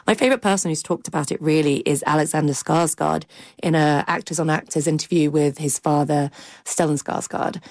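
A British woman, a cultural critic, chatting on radio and telling lively personal anecdotes. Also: low-pitched, creaky, no echo, studio quality. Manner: enthusiastic anecdotal chat. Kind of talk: guest chat on radio.

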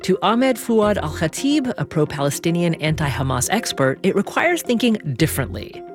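A woman radio host reading a scripted show introduction in a crisp, deliberate way. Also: lowish voice, sing-song. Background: music bed.

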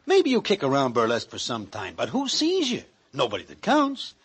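A man's voice: medium pitch, huge pitch swings, normal speed, husky. Wry Broadway narrator man. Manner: wry present-tense Broadway storyteller. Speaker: narrator and lead character. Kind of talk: 1940s radio acting.

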